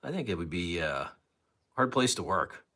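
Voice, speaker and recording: Rambling man with a lively voice. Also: deep voice, moderate pace. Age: older. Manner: rambling, talks to his audience and his dog. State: out of breath. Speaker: livestream host. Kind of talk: casual livestream chat. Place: home room.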